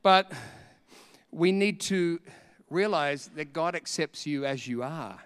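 A man preaching a sermon, telling a story with animated acted-out voices and frequent laughter. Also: a little high, slow pace, clean tone. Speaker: pastor.

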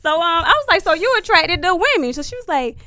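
A woman telling a story in casual, profane chat, animated and laughing, acting out what people said. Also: very high-pitched, fast. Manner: animated, profane, laughs often, acts out quotes.

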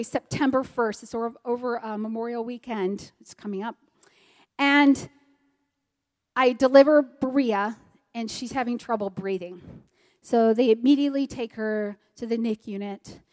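Woman, middle-aged, earnest testimony, fairly high voice, big hall echo. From Maryland, US. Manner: earnest storytelling, swings loud to soft. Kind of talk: personal testimony. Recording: long hall reverb.

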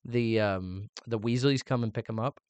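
A man's voice: lowish voice, normal speed, a little mellow, no echo. A man co-hosting a casual book podcast, chatting playfully and trying silly accents. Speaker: podcast co-host, father. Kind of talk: casual chat about books.

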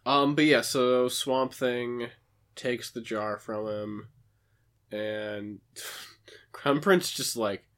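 A man co-hosting a podcast, recapping a film in a casual, joking chat with quick asides. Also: medium pitch, steady tone, fairly bright tone, smooth.

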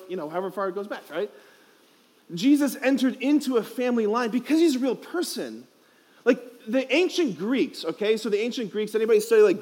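A man's voice: high-pitched, darkish tone. A young man, a priest, giving a playful, emphatic homily at a youth conference, asking the crowd questions, speaking into a headset mic.

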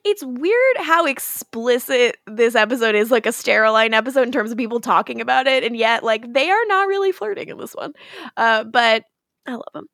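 A woman's voice: fairly high pitch, lively intonation, a bit bright, no room sound, studio quality. A woman co-hosting a podcast, retelling a TV episode in casual, profane chat and laughing often. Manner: laughing, profane, quick retelling with quoted voices. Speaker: podcast co-host.

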